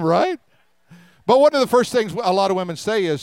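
A middle-aged man preaches a sermon in a high, clear voice. He jokes with the congregation and acts out the voices of the people he quotes. The sound is dry and close. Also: sing-song, normal speed, long pauses, darkish tone, dry recording. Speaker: pastor.

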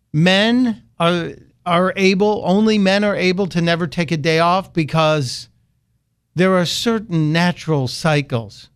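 A man hosting a political talk radio show, delivering a sarcastic, mocking monologue. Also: on the high side.

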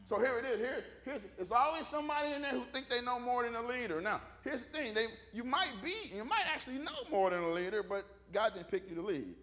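A man's voice: very high voice, expressive, fast, few pauses, pushed and bright. A middle-aged male pastor, preaching a folksy sermon full of stories and calls for amens. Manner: folksy storytelling with call-and-response.

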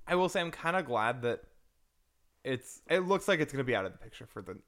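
A man's voice: mid-range voice, sing-song, fast, a bit bright. A young man co-hosting a casual podcast, questioning plot holes with stammered starts and jokey asides. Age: young adult. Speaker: podcast co-host. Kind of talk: casual movie review chat.

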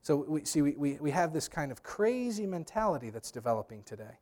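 Emphatic pastor, man with a higher voice. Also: lively intonation, brisk, darkish tone. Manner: emphatic, direct address to the congregation; humorous storytelling asides. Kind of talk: sermon.

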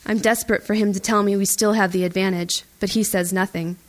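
A woman reading a first-person audiobook in a tense, even storytelling voice. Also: medium pitch, a little fast, few pauses. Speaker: audiobook narrator. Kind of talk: first-person scripted narration.

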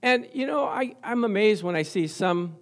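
Pastor guy preaching, high voice, jokey stories, keeps asking for amens. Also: expressive, moderate pace. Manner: storytelling with call-and-response, laughing often. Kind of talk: sermon.

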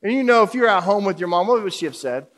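A man's voice: sits high, expressive, fast, a bit bright. A male pastor preaching a sermon in a humorous, conversational way, often asking the congregation questions.

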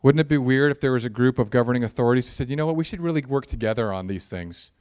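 Male pastor, smooth clear voice, animated sermon with jokes, mid pitch. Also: racing. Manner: animated, jokey preaching with rising intensity.

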